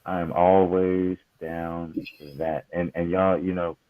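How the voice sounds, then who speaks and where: A man's voice: low voice, little pitch movement, a little slow, dry recording, narrow, tinny audio. A man co-hosting a casual podcast, upbeat and speaking straight to his listeners. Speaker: podcast co-host.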